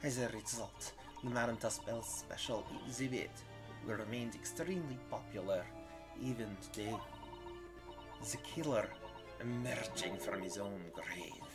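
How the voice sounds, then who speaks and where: A proud, macabre French waxwork sculptor, as a man puts her on in a game playthrough, speaking with a put-on French accent and theatrical deliberation. She lingers over her words and drops French phrases. Game music plays clearly underneath. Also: fairly low pitch, measured pace.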